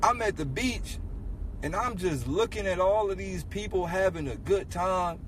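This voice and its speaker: A man with a slightly high voice rants in a casual vlog monologue. He speaks emphatically, firing off the same rhetorical questions again and again. A faint car hum sits under his voice. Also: lively intonation, measured pace. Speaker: vlogger.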